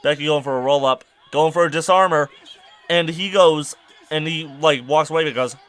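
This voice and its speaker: A young man hosting a podcast, ranting casually and with exasperation, his voice climbing to near-shouts. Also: a little high, moderate pace, a faint crowd. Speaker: podcast host.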